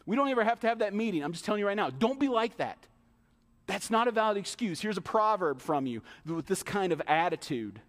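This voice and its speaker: Animated high-voiced male preacher. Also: brisk. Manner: animated preaching, mimics excuses in asides. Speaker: pastor. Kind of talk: sermon. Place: church sanctuary. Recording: long hall reverb.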